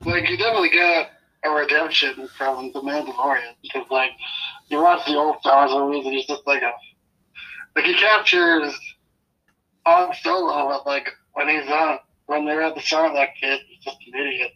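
A man with a husky, very bright, fairly high voice rambles through a casual podcast chat, filling his talk with "like" and the odd swear. He sits some way back from the mic, so the sound is distant and thin. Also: moderate pace, dull audio. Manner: loose, peppered with "like" and swearing. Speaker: podcast co-host.

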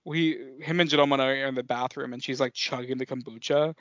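Excitable man with a dull, dry podcast sound. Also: medium pitch, fairly quick, dry recording. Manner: excitable, swears often, trails off and restarts. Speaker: podcast co-host. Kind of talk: casual film podcast chat.

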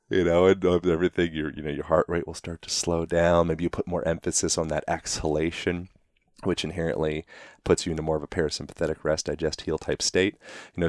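Low-voiced man explaining, dry sound. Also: dry recording. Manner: animated, acts out quick voiced examples; frequent fillers like "you know". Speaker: guest. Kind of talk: relaxed conversational explanation.

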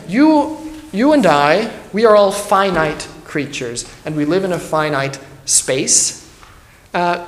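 A man, a pastor, teaching a Bible study in an earnest, emphatic way and thinking aloud as he goes. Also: high voice. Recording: roomy echo.

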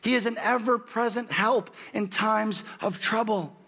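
A hoarse man in his thirties preaching a sermon, his voice sitting a little high for a man. He climbs higher and louder when he reads scripture aloud. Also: steady tone, unhurried. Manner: rises in pitch and volume when quoting scripture. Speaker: pastor.

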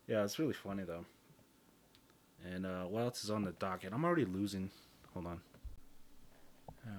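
Low-voiced man rambling on a podcast. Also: fairly bright tone. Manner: rambling, profane, self-mocking jokes. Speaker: podcast host. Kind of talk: casual solo podcast chat.

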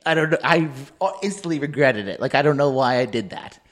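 Animated storytelling man, lively pitch. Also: brisk. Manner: animated, acts out voices in his stories. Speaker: podcast co-host. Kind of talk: casual anecdotal storytelling.

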